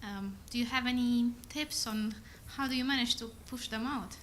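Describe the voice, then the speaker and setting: A woman's voice: fairly high pitch, moderate pace, a little hiss or hum. A woman in the audience of a conference asking an earnest, direct question. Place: conference hall.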